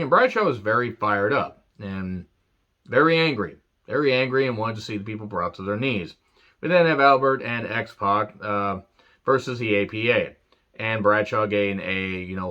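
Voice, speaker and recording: A man's voice: fairly low pitch, pushed and bright, muffled recording. Earnest, rambling man reviewing wrestling. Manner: rambling, earnest, with frequent fillers. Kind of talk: casual review rant.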